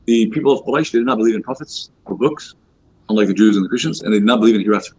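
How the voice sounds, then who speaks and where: A husky, slightly low-voiced man rattles off a casual religious lesson for young people at a very fast clip, full of "you know" and "like." The recording is dull and lo-fi. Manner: fast, informal, many fillers like "you know" and "like"; acts out quoted speech in lively voices. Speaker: youth halaqah teacher. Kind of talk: casual religious talk to youth. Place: mosque hall.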